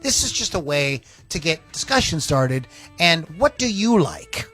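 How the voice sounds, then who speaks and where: A man's voice: a little high, very animated, unhurried, pushed and bright, faint music behind. A man hosting a podcast in casual chat, rambling through stories with lots of fillers and teasing his co-host.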